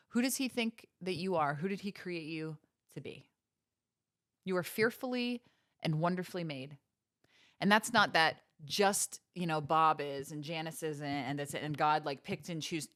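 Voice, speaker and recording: A woman hosts a motivational podcast on a close mic, talking with earnest, preachy conviction. Her voice sits a little low for a woman, and she presses her points with a stream of rhetorical questions. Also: a bit bright. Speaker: podcast host. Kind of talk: motivational faith-based podcast talk.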